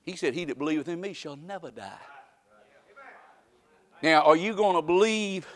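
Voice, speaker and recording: A man preaching a folksy sermon that swings from quiet talk up to shouting. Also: on the high side, animated, moderate pace.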